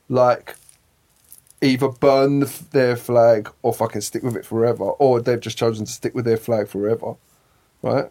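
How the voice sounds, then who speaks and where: A man in a relaxed podcast conversation with a mid-range voice. He speaks earnestly and with emphasis, swearing now and then. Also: mid-range voice. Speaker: podcast guest. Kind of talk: casual chat.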